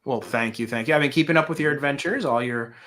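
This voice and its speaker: A man with a voice made hoarse by allergies, co-hosting a casual live show from home, chatty and self-deprecating. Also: mid-range voice, quick pace, a bit bright. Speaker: co-host. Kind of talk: casual chat.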